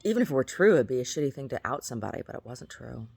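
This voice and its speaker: This middle-aged vlogger's voice is extremely low, husky, creaky, and darkish in tone, and she races along very animatedly. In a casual monologue to camera she tells rambling, self-mocking stories, laughing, repeating words, and restarting often.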